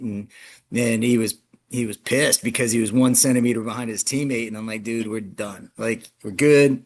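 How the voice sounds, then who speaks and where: A male track and field coach in an interview, talking in an animated, conversational way. His pitch sits in a middle range for a man and leaps up when he gets emphatic. He restarts his sentences as he thinks.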